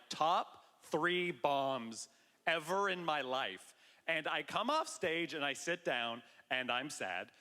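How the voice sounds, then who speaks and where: A man in his thirties from Canada performing a loud, excitable stand-up comedy set with mock bravado. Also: medium pitch. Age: 30s. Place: large theater stage. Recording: live stage audio with long hall reverb.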